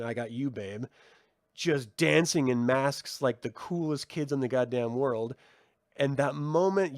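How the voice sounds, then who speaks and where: A fairly high-voiced man talks through a TV episode in a loose, casual review. He gets excitable, swears freely and leans on "like" as filler. The sound is dry and close, with no room around it. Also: no echo. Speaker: TV series reviewer. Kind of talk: casual video review commentary.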